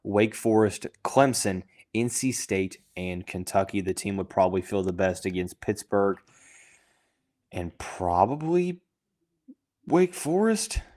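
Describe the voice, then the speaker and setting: A man's voice: low-pitched, expressive, measured pace, a little mellow. A young man hosting a podcast, talking through sports in a casual, thinking-aloud way with lots of fillers and restarts, and he has the hiccups. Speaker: podcast host.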